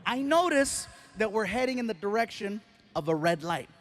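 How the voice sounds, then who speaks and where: High-voiced, animated stand-up comedian. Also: male voice, moderate pace, very noisy. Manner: animated storytelling, acting out scenes. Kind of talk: stand-up routine. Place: comedy stage before a live audience.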